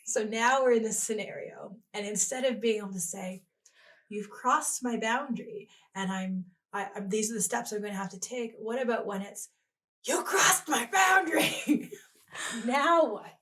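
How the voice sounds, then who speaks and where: A woman's voice: medium pitch, normal speed, a bit bright. A woman hosting a podcast who laughs easily and asks leading questions. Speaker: podcast host. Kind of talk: podcast conversation.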